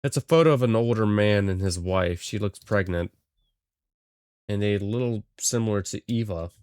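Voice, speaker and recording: Brief: male gamer, low voice, dry close mic, muttered horror game commentary. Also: normal speed, darkish tone, clear, resonant tone, dry recording. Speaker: game streamer. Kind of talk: let's play, reading game text aloud.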